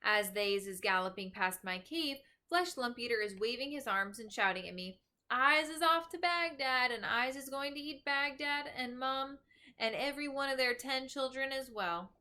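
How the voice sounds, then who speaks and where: A woman's voice: mid-range voice, normal speed, hardly any pauses. A woman voicing a big friendly male giant in a storybook, talking in broken grammar. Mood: eager. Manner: broken grammar, excited exclaiming.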